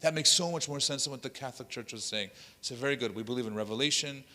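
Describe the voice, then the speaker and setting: A man, an imam, giving a workshop talk and telling a story in an animated way, acting out the quoted voices. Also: medium pitch, quick pace. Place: mosque hall. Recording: long hall reverb.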